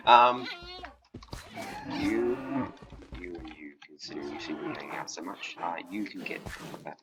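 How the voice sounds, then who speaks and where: A deep-voiced man talks through his game as a let's play host, his pitch swinging widely as he gets excited and chats to the animals on screen. Steady clicking and background noise sit clearly under his voice. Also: unhurried, long pauses. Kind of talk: casual gameplay commentary.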